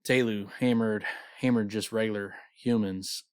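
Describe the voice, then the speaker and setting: Male podcast co-host, low register, dry close sound, loose and profane, reads excerpts aloud. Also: steady tone, normal speed, a little mellow, clear, resonant tone, no room sound. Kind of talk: casual book discussion with read-aloud passages.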